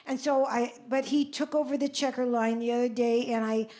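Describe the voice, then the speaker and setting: A woman's voice: fairly high pitch, fairly even intonation, a little fast, dark tone. A woman in her seventies doing live stand-up comedy, telling stories in a brash, self-mocking way with big exclamations. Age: 70s. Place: comedy club stage. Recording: club stage mic with audience noise. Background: audience laughter.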